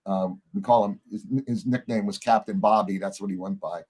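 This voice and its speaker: A man, a podcast guest, telling long stories in a relaxed conversational way and acting out the other people's lines himself. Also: fairly low pitch, brisk, breathy edge. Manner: animated storyteller acting out quoted voices. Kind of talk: conversational storytelling.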